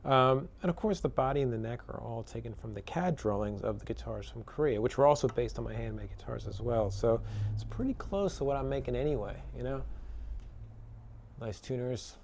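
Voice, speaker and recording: A man's voice: mid-range voice, fairly quick, slight background noise. Laid-back man demoing a guitar, loose and talky, full of fillers and tag questions. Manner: relaxed, chatty, many fillers and tag questions. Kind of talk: casual product demo talk. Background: electric guitar playing.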